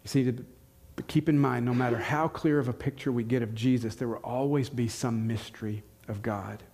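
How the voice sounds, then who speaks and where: Fairly quick and steady, with a mid-range, darkish voice, a Southern American pastor in his forties from the United States delivers a sermon. He preaches earnestly, questions his congregation, and restates key lines for emphasis.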